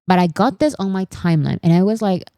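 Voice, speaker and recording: Low-voiced woman chatting about pop culture. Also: expressive, fast, warm tone, no echo. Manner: chatty, rambling, with frequent asides and self-corrections. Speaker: pop culture vlog host. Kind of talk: casual pop culture commentary.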